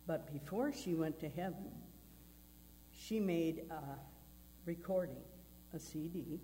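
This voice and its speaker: A woman's voice: deep voice, slow, dark tone. A woman guest singer chatting to a congregation and asking the children questions, in a reverberant hall. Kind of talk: casual talk to a congregation. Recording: church hall reverb, faint hum.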